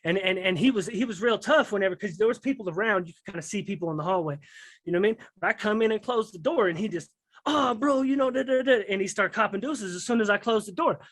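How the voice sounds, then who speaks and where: A male guest rambles through a story about prison life in casual street slang, repeatedly asking his listener "you know what I mean." His voice sits high and moves quickly, and the recording is dry.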